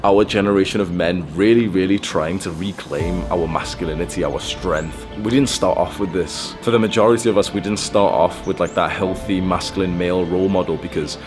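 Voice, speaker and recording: A man's voice: low-pitched, a little fast, hardly any pauses, over music. A young man giving blunt, profane self-improvement advice in a casual, rambling monologue. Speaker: self-improvement video host.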